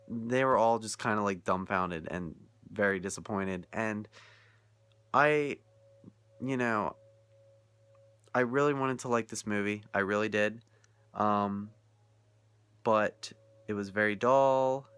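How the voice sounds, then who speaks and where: Incredulous young man, bright, dry. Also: medium pitch, clear, resonant tone, no echo. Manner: incredulous, animated, laughing often. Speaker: vlogger reviewing a film. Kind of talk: casual rant.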